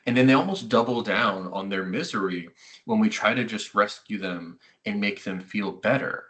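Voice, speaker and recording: A middle-aged therapist gives a conversational webinar talk to parents, speaking at a moderate pace in a voice on the low side. He's animated and acts out quoted remarks.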